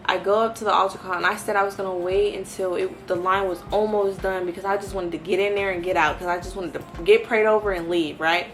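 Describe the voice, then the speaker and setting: A woman in her early twenties giving an animated personal testimony and talking straight to her viewers. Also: medium pitch, fast, hardly any pauses, faint music behind. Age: early 20s. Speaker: vlogger sharing a faith testimony.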